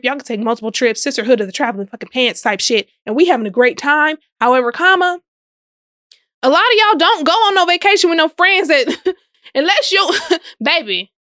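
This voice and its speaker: A woman's voice: sits high, fairly bright tone, clean tone, no room sound, studio quality. A young woman hosting a casual commentary podcast, sassy and emphatic, often laughing and drawing out words for stress. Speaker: podcast host. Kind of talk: casual social media commentary.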